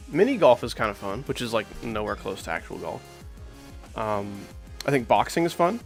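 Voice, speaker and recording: A man's voice: on the low side, big pitch swings, moderate pace, gravelly. Man in his thirties, casual livestream chatter, rambling with lots of fillers, faint music underneath. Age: 30s. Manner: rambling, many "like" fillers, reacts to chat mid-play. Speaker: streamer playing requested game levels. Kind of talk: casual livestream chat answering viewers.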